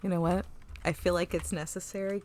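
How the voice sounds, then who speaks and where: A woman co-hosting a podcast in casual chat, animated and profane, recapping an episode with laughs and venting. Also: on the low side, fairly quick. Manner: animated, swears freely, laughs and vents. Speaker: podcast co-host.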